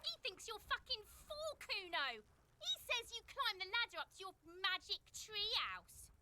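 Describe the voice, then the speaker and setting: A woman voicing a shrill, foul-mouthed little kid who jeers and eggs others on. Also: very animated, moderate pace, sharp tone, a little hiss or hum, exaggerated voice. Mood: jeering. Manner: shrieking, jeering, egging others on.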